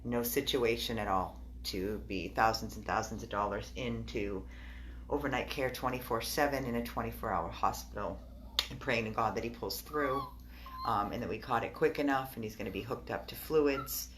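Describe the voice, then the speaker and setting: A woman who rescues dogs records a tearful update in an animal hospital exam room. She speaks in a low voice and sounds upset throughout. She pleads with her viewers and repeats herself over and over. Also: normal speed, slight background noise. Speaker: dog rescuer. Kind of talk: emotional video update to viewers.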